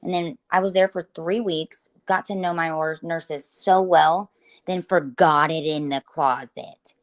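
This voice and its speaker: A woman's voice: low voice, steady tone, a little slow. Bawdy, joking woman co-host. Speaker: podcast co-host. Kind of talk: casual chat.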